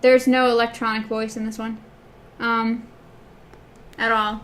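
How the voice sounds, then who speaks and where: A woman with a fairly high voice chats about a book with her co-host, hesitating as she compares passages. A faint hiss of background noise sits under her voice. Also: little pitch movement, a little slow, fairly bright tone. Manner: compares her edition, reads short bits, hesitant. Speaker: podcast co-host. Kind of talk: casual book discussion.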